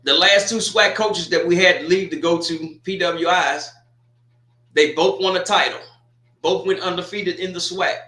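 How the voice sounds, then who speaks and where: A man's voice: sits high, fairly even intonation, a little slow, bright, forceful tone, roomy sound. A sports livestream host, chatting loosely and jokingly straight to his viewers. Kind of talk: casual livestream commentary.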